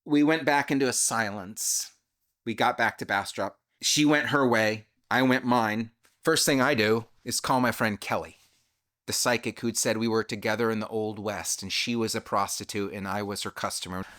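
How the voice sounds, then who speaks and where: A man's voice: fairly low pitch, fairly even intonation, moderate pace, a bit bright. A man telling a personal story in a candid, confessional, self-reflective way, often stopping to correct and restart himself. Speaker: channel host telling his own story.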